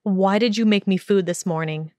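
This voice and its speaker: A woman voicing a cold, arrogant teenage wizard boy, low and harsh in a sneering manner, for a fan audiobook. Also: normal speed, a little mellow, no room sound, clean studio sound, lightly acted. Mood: tense.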